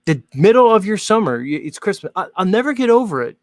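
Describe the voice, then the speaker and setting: A man's voice: high voice, big pitch swings, fast talker, few pauses, dry recording, clean studio sound. A man hosting his own show, talking casually to viewers in a rambling, joking way full of fillers. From Northern Hemisphere. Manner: chatty, rambling, jokey, many "like" fillers. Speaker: host.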